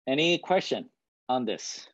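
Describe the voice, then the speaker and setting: A man's voice: mid-range voice, very animated, measured pace, dry recording, muffled recording. A man for whom English is a second language gives a presentation as a guest speaker. He talks in a conversational way, often checks in with "right?", and chuckles at himself now and then. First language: not English. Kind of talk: presentation to an audience.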